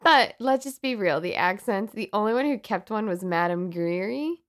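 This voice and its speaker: Playful animated woman podcast host. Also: medium pitch, moderate pace. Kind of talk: casual chat.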